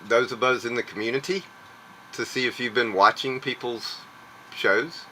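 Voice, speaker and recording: A man's voice: medium pitch, moderate pace, crowd noise, low-quality recording. A man with a Southern US accent chatting on a video call, folksy and chuckling as he talks about his trivia show. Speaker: guest, trivia show host. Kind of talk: casual chat on a video call.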